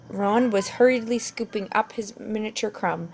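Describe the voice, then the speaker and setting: A woman reading a fantasy novel aloud in an expressive amateur audiobook style, stumbling and correcting herself now and then. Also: medium pitch, unhurried, slight background noise. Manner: expressive, with slips and self-corrections. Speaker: reader.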